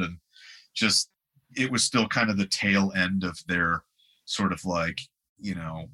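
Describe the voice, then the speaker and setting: Low-voiced man telling rambling stories. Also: pushed and bright. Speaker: guest musician. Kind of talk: casual anecdotal storytelling.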